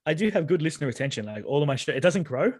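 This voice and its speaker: Fast-talking casual man, dry sound. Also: on the high side, big pitch swings, no echo. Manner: fast, profane, laughing. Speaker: podcast guest. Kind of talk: casual chat.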